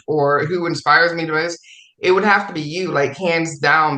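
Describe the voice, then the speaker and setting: A woman speaks in a bright, forceful voice, casual and effusive. She hammers points home by repeating phrases. The room around her is echoey. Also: deep voice. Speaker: fellow writer on a podcast panel. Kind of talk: casual podcast chat.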